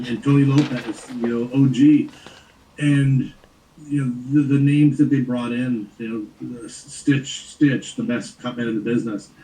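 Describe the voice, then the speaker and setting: Mellow-voiced man speaking in an echoey room. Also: mid-range voice. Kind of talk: casual interview storytelling.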